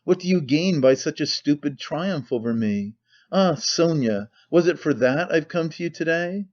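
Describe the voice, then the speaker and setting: A man's voice: a little high, lively intonation, normal speed, a little mellow, lo-fi sound, pitched above the performer's own voice, close to an everyday voice. A man playing a tormented, despairing young man. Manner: weary, brooding, bursts of despair.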